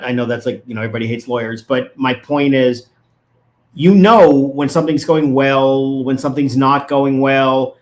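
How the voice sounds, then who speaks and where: A man, a lawyer, giving legal analysis as a guest in a casual interview, arguing his points emphatically and with indignation. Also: medium pitch.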